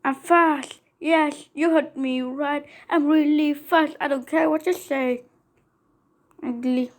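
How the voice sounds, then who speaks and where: High-voiced playful woman gamer. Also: steady tone, slow. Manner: playful, bossy trash talk and sung racing noises. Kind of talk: game commentary.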